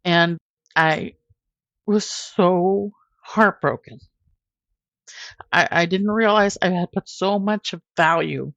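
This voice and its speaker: A woman's voice: on the low side, a bit bright, dry recording. A woman guest on a podcast, telling her personal story candidly and with emotion, often laughing at herself.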